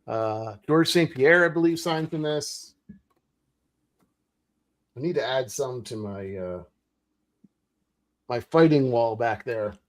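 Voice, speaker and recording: A man's voice: mid-range voice, slow pace, pauses often. A man hosting a casual pack-opening stream, chatty and enthusiastic. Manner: enthusiastic, chatty, laughs often. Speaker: host. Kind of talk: casual chat while opening card packs.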